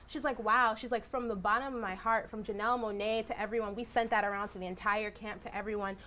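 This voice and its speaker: A young woman, a journalist, telling stories in a casual, animated way and acting out quotes. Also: mid-range voice, fast talker. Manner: animated, acts out quotes with "I was like". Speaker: journalist guest speaker. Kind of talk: casual storytelling talk. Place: lecture hall.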